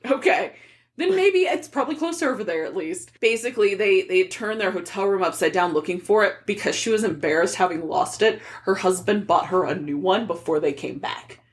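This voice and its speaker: A woman's voice: medium pitch, animated, a little fast. A young woman co-hosting a casual book podcast, recapping chapters in a chatty way with plenty of "like" fillers and casual swearing. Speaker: podcast co-host.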